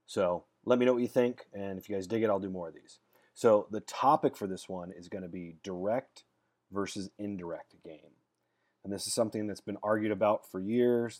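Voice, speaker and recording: A man with a slightly low voice talks casually to his viewers as a dating coach. He tells stories in a loose, rambling way and often repeats words as he restarts a sentence. His manner is blunt and straight-talking. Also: dark tone. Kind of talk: casual monologue to camera.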